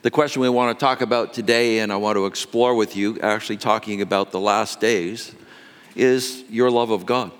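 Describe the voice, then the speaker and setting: A man's voice: on the low side, fairly even intonation, normal speed, smooth. Man preaching in a reverberant hall. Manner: earnest, emphatic preaching. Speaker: pastor. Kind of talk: sermon.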